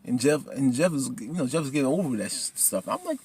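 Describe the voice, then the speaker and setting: A man casually recapping a TV episode in an excitable, colloquial way. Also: medium pitch, a little fast, few pauses, a little hiss or hum. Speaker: TV episode reviewer.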